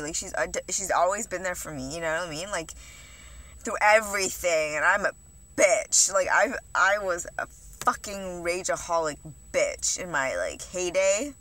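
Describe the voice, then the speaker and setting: Young woman vlogging, bright and rambling. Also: fairly low pitch, expressive, moderate pace. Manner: rambling, profane, heavy use of "like". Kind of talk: confessional eating vlog talk.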